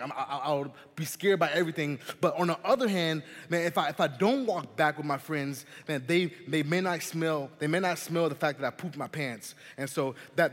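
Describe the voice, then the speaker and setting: A young man giving a youth sermon, telling a personal story in an animated, chatty way and often saying "man" and "listen". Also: fairly high pitch. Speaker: youth pastor. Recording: long hall reverb.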